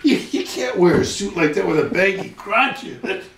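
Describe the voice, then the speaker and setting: A man's voice: high-pitched, lively intonation, moderate pace, a little hiss or hum. A man voicing an earnest male friend of the groom who points out what is wrong with a suit. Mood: concerned. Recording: echoey room, recorded from far off.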